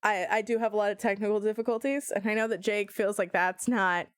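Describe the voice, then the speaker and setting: A woman streamer playing through a game, talking casually, animated and self-mocking, often laughing. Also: medium pitch, fairly quick, clean tone, no echo, studio quality.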